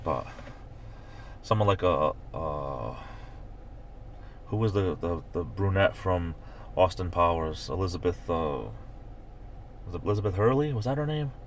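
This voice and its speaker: A man's voice: low-pitched, animated, unhurried, long pauses, slight background noise. A man with a Northeastern US accent hosting a casual live stream from a parked car, rambling and reading viewer comments aloud. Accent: Northeastern US, New York-like. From Northeastern United States.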